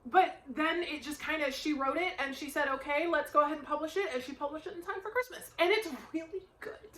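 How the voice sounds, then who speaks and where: A woman book vlogger chatting casually, rambling into animated stories and laughing often. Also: sits high, fairly quick, reverberant, poor audio. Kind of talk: casual chat.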